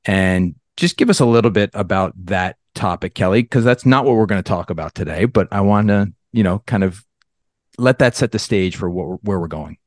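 A man's voice: on the low side, animated, normal speed, a little mellow, no echo, clean studio sound. A man hosting a podcast, asking long, rambling questions with enthusiasm. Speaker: podcast host. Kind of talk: conversational interview.

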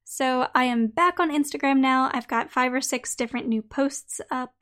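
A woman hosting a podcast who talks straight to her listeners in a friendly way and then reads out her own article, her voice slightly croaky today. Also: high-pitched, normal speed, a bit bright. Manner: friendly, direct address to listeners. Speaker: podcast host. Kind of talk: podcast monologue and article reading.

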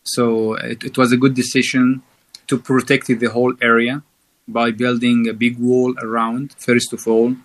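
Man speaking halting, filler-heavy English. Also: mid-range voice, flat delivery. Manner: halting, many fillers and restarts. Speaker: guest guide. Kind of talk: casual interview chat.

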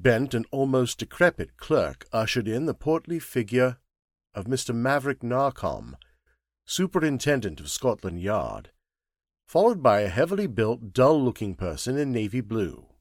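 A man narrating an audiobook in a measured, expressive way. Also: mid-range voice, no echo, studio quality.

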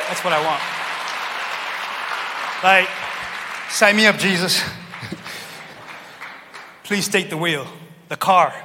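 A man preaching a sermon in a church, animated and joking, pulling the crowd in with questions. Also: high-pitched. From Cape Verdean heritage. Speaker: pastor. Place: large church hall. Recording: long church hall reverb, faint room noise.

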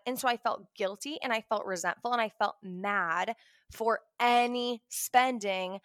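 A woman's voice: on the high side, a little slow, a bit bright. Young woman vlogging about money, chatty, acts out her reactions, dry room no echo. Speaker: personal finance vlogger. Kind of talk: casual talk to camera.

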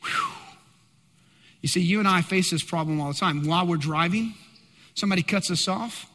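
A male pastor preaching a sermon, swinging between loud emphatic bursts and hushed asides. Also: high voice, huge pitch swings, moderate pace, pauses often, big-room sound.

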